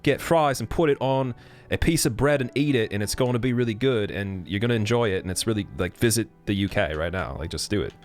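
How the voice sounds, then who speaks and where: A man voicing an excitable young British lad, loudly patriotic and pushy like a salesman. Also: low-pitched, fairly quick, hardly any pauses, faint music behind, voice pushed up. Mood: hyped.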